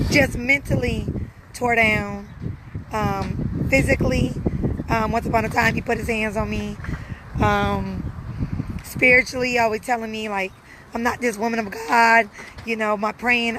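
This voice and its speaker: A woman's voice: on the high side, a bit bright, slight background noise, poor audio. Earnest woman talking straight to viewers. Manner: earnest, repeats phrases for emphasis. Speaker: live streamer answering viewers. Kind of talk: casual personal talk.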